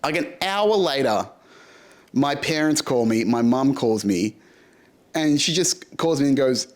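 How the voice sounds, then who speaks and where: A man's voice: mid-range voice, lively intonation, a little slow. Young aussie guy venting on his vlog, blunt, lots of swearing, keeps restarting his sentences. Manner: frank, swears freely, rambling with restarts. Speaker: podcast host. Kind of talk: casual personal vlog monologue.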